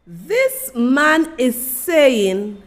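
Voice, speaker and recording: High-voiced Saint Lucian woman, slow and emphatic. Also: big pitch swings. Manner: emphatic, repeatedly addresses listeners and officials directly. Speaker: livestream host. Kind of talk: impassioned live-stream commentary.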